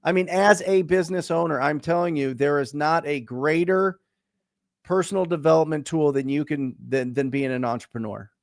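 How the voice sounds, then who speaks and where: A man's voice: fairly high pitch, normal speed, vocal fry, no echo, clean studio sound. A man hosting a casual business talk, speaking emphatically and repeating phrases for stress. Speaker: podcast host.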